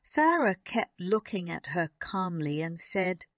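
A woman narrates a graded storybook for learners, slow, clear and even. Her voice sits a little low and the recording is dry and close. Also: dry recording. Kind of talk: graded reader audiobook narration.

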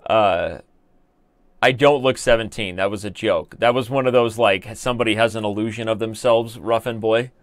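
A man's voice: lowish voice, steady tone, normal speed, dry recording, studio quality. A man in his thirties hosting a live stream, chatting casually and joking while he reads viewer comments aloud. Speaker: chess streamer host.

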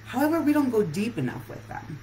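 A woman's voice: on the high side, very animated, brisk, darkish tone, a little hiss or hum, low-quality recording. A woman relationship coach giving an earnest live-streamed talk that puts many questions straight to her listeners.

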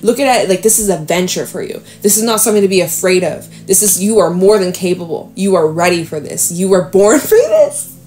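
Excitable woman giving a tarot reading. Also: on the low side, a little fast, slight background noise. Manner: excited, emphatic, slangy and reassuring. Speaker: tarot reader. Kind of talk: casual tarot reading to camera.

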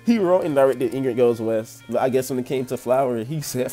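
A young man with a mellow, darker voice rants about a movie, laughing and swearing freely. He rambles, circles back, and keeps his tone loose and casual. A faint bit of music sits behind him. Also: mid-range voice, moderate pace. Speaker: movie reviewer. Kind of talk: casual rant-style review.

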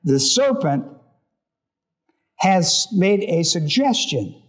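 A man's voice: sits high, big pitch swings, very slow. A male pastor reading scripture in a Bible study sermon, stopping often to put questions to his congregation.

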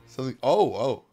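A man's voice: mid-range voice, mellow. A man hosting a let's-play, chatting casually, reading game text aloud and riffing on it with laughs. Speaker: gaming channel host. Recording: game music playing under the voice. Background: video game music.

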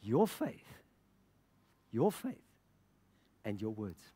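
A middle-aged man from Africa preaches as a pastor in a lowish, sing-song voice that is very slow, dark, and slightly rough. He acts out what people said while telling stories with passion and laughter.

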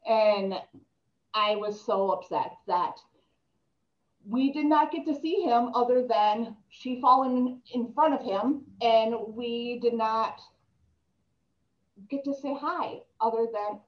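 A woman's voice: fairly high pitch, slow pace. Chatty woman in an echoey room. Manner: chatty, storytelling, many ums. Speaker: real estate trainer. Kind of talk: casual talk to a group. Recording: echoey room, dull lo-fi sound.

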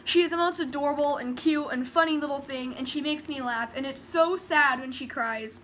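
A woman voicing an excitable young male gaming video host, shouting and gushing. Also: sits high, normal speed, slight background noise.

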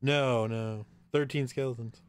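A man's voice: mid-range voice, steady tone, unhurried, clear, resonant tone, no room sound, studio quality. A man co-hosting a casual live chat, laid-back and wry.

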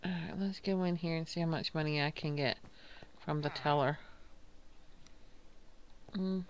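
A woman's voice: sits low, fairly even intonation, a little slow, slight background noise. Chatty woman narrating her gameplay. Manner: chatty, thinking aloud, reading game lines. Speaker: gaming video host. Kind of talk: casual gameplay commentary.

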